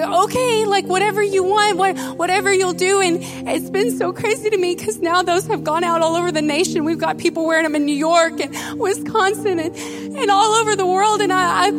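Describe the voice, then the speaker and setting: A woman pastor giving a sermon, chatty and animated, telling personal stories and speaking directly to her congregation at a church service. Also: extremely high pitch.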